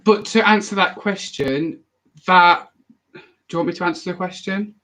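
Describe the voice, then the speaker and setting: Chatty young man, higher voice. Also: rough recording. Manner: rambling, animated, quick to restart sentences. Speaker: streamer answering viewer questions. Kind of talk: casual live chat.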